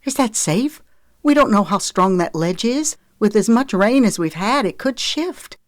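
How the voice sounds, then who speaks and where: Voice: medium pitch, expressive, unhurried, no room sound, clean studio sound, pitched above the performer's own voice, lightly acted. A narrator voicing a frightened mother pleading for her son, her speech anxious and laced with panic in an audiobook. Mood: panicked. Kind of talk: audiobook character reading.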